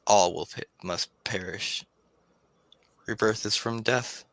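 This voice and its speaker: A man's voice: fairly low pitch, steady tone, slow pace, fairly bright tone, dry recording. A man voicing a fanatical fire-winged figure who speaks in a menacing, grandiose way.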